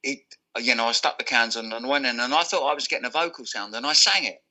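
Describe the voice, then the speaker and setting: A man's voice: mid-range voice, fast talker, pushed and bright. A male musician guest telling anecdotes in a casual, laughing, self-deprecating way. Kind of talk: casual storytelling.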